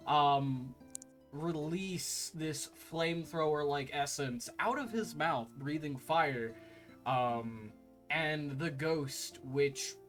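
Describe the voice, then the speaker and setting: A man narrating scenes as the game master of a tabletop game, slow and descriptive with filler words. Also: fairly high pitch. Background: faint background music.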